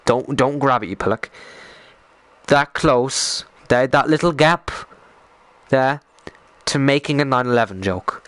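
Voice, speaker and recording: A young Irish man talks loosely on a live stream, swearing often and winding himself up as he goes. His voice sits at an ordinary male pitch. It is recorded close and dry, with no room sound. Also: lively intonation, fairly bright tone, no echo. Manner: rambling, swearing, quick to get worked up. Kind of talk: casual live-stream chat.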